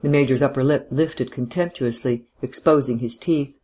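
Man, audiobook narration, detective novel, measured, even delivery, mid-pitched.

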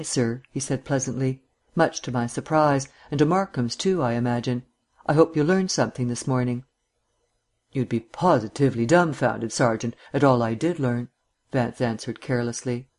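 A man's voice: mid-range voice, darkish tone. Man reading a detective novel aloud. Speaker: audiobook narrator. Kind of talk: scripted narration of a detective novel.

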